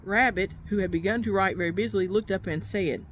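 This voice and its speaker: Woman reading aloud at home-video level, mid-pitched, casual, with small asides. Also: background noise. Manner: casual, pauses to comment on the book. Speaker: storybook reader.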